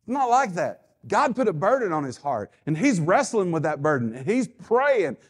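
A pastor preaching a sermon with emphatic, repetitive phrasing and call-and-response to the congregation. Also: male voice, sits high, very animated, moderate pace, breathy edge.

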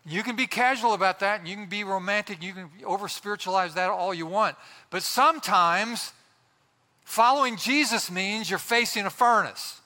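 A male pastor preaching a sermon with impassioned, dramatic pauses. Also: high voice, pushed and bright. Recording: long hall reverb.

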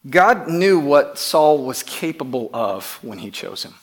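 A man preaching a sermon to his church, emphatic, often repeating words and dropping from loud to hushed. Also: medium pitch, very animated, a little slow. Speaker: pastor.

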